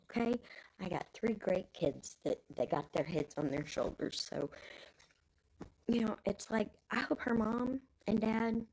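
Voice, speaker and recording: A woman's voice: medium pitch, creaky, a little mellow, breathy edge, low-quality recording. A Texan woman in her fifties with grandkids, rambling casually in folksy talk as a live stream host. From Texas.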